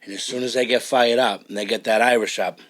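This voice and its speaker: A man's voice: mid-range voice, fairly even intonation, fast, a bit bright. A man with a South Shore Massachusetts accent, a truck driver chatting as a podcast guest in a blunt, profane, joking way. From Massachusetts, USA. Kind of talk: casual chat.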